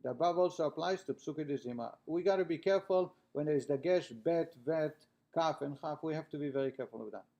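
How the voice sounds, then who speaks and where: A man's voice: fairly high pitch, quick pace, hardly any pauses, mellow, lo-fi sound. A man teaching a class, reading a text aloud and then explaining it in plain words with frequent restarts.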